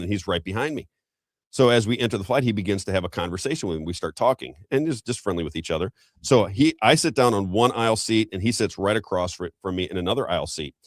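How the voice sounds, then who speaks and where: A middle-aged man hosting a talk show, telling a story in a rambling, animated way with frequent restarts. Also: lowish voice, no echo. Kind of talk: casual storytelling commentary.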